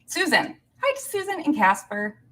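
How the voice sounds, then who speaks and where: A woman's voice: sits high, huge pitch swings, normal speed, a bit bright. A woman in her thirties, from Illinois, filling in as host of a casual live stream, chatting and rambling to viewers with frequent laughs. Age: 30s. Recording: voice a bit far from the mic.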